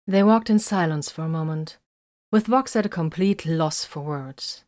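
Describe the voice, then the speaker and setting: A woman narrating an audiobook in a steady, even storytelling manner. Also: low-pitched, moderate pace.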